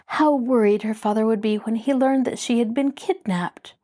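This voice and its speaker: A woman host reading a mystery novel aloud as a measured, expressive storybook narration. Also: on the high side. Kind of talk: scripted narration.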